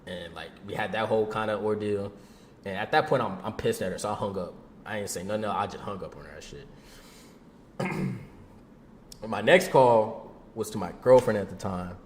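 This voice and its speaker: A young man casually telling a story from his own life to a camera. He talks in loose slang, says "bro" and "boom" a lot, and laughs along the way. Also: normal speed, long pauses, echoey room, a little hiss or hum. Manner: slangy and laid-back, peppers talk with "bro" and "boom".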